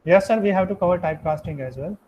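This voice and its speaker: A man with a fairly high voice teaches coding in a live online class. He explains each step patiently and keeps checking in with a quick "right?". A faint hiss sits under his voice. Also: darkish tone, rough recording. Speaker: programming instructor.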